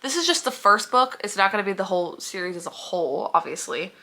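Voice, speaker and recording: A woman's voice: mid-range voice, lively intonation, fast, bright, forceful tone. A young woman reviewing books in a casual vlog, heated and sarcastic, swearing freely as she reacts. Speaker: book reviewer.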